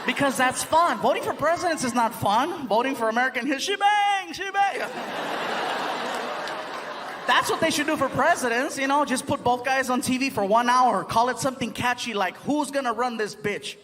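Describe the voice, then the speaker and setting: A man performing a stand-up comedy set on a live stage, animated and laughing often, slipping into voices for his bits. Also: very high-pitched, a little fast, few pauses. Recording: live show with audience noise.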